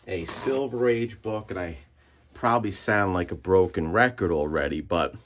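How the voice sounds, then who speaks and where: A man walking viewers through a hands-on comic book restoration in a chatty way, repeating himself as he works. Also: slight background noise. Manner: makes squeaky sound effects in a high voice. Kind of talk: casual hands-on tutorial.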